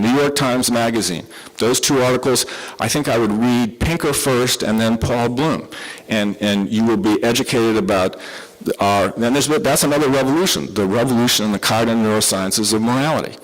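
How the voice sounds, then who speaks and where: A man's voice: mid-range voice, low-quality recording. Southern American man giving a talk. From southern United States. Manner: conversational, with frequent fillers and restarts. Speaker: conference speaker. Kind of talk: live conference lecture.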